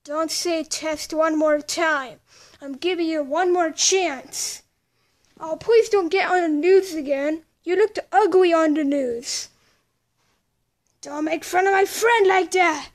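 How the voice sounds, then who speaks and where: A woman's voice: extremely high pitch, slow pace. A young woman doing playful childlike voices in a homemade play, shifting between several characters.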